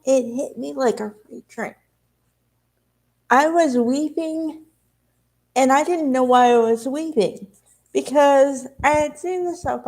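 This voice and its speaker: A woman's voice: high voice, a little mellow. A woman vlogger talking candidly and confessionally to her viewers in a rambling, casual way. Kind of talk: emotional casual talk to camera.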